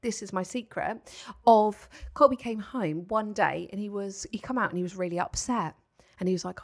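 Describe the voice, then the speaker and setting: With a mid-range voice at a moderate pace, this young podcast co-host spins a story in relaxed conversation. She performs the quoted voices of its characters with lively animation.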